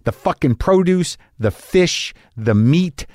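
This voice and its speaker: A man's voice: a little high, expressive, slow, darkish tone, no room sound, clean studio sound. A man musing in a rambling casual monologue, often restarting his sentences and swearing now and then. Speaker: comedian.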